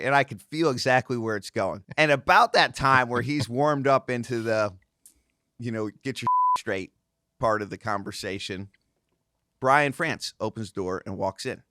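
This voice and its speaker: A man in his thirties telling a casual, animated story on a podcast, acting out the voices of the people in it. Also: mid-range voice, normal speed, dry recording, studio quality. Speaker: guest host, former racing driver.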